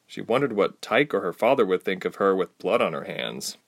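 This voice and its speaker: A man narrating a fantasy audiobook in steady storytelling. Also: sits low, brisk, creaky.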